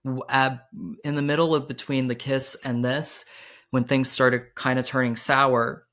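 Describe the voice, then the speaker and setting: A man hosting a podcast, telling a personal story in a candid, halting way with many restarts, his voice jumping higher when he quotes his own panic. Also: little pitch movement. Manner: quoted lines rise much higher and louder when he relives panic. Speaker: podcast host.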